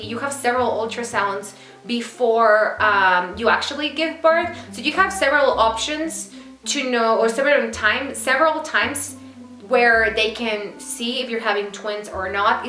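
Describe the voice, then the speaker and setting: Bright-voiced young woman vlogger. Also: on the high side. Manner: chatty and exasperated, many fillers. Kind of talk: casual chat to camera. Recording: echoey room, faint music.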